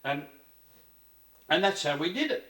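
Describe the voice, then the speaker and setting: A man's voice: a little high, very animated, a little slow, pushed and bright. An older man from Australia, an interview guest telling stories in a rambling, earthy way, with restarts and mild swearing. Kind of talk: casual reminiscing interview. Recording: roomy, from a distance.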